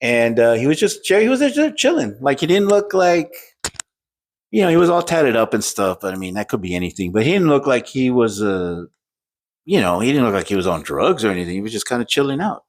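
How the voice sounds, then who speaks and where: A man co-hosting a podcast, telling stories in a casual, animated way and swearing freely. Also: mid-range voice, fairly quick. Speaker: podcast co-host. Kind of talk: casual chat.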